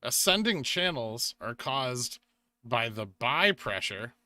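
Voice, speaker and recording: A young man hosting a casual livestream, chatting with viewers, reading out donations and making quick asides. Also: mid-range voice, big pitch swings, bright, forceful tone, dry recording. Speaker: livestream host.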